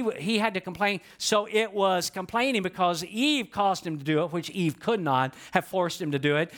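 A man's voice: high-pitched, a bit bright. Man preaching a casual conversational sermon. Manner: conversational preaching with rhetorical questions and acted-out quotes. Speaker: pastor.

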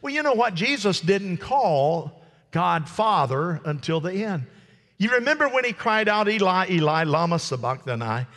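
A man's voice: high voice, big pitch swings, measured pace, fairly bright tone, in a large hall. A man preaching a sermon with passion, acting out quoted words with sudden rises and drops. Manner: impassioned preaching with dramatic quoted speech. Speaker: pastor.

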